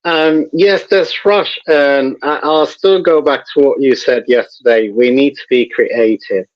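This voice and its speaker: A man guest in a casual conversation, talking in a measured, thoughtful way and repeating words as he searches for them. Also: medium pitch, dry recording, dull audio. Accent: noted accent, admired by host.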